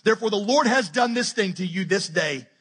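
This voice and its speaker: Bright, high-voiced joking pastor. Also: male voice, animated, slightly rough. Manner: joking, acts out Bible characters in quick asides. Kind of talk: sermon. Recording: preached in a large hall with long reverb.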